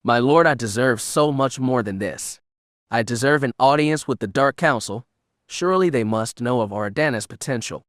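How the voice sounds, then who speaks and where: A man's voice: mid-range voice, expressive, normal speed, a bit bright, no echo, studio quality, lightly acted. A man reading an audiobook, voicing an arrogant, ambitious male magistrate who talks in a self-important, aggrieved manner.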